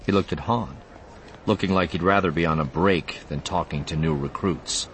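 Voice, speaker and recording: A man's voice: low-pitched, normal speed, slight background noise. A man narrating an audiobook expressively, voicing the character lines too.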